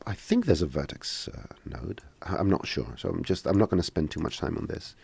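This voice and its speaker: Give me a man with a deep voice and a dry close sound, casually fielding questions in a live tutorial stream. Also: animated, fairly quick, gravelly, darkish tone, slightly rough, no room sound. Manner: casual, joking, hesitant with many fillers. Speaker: software instructor.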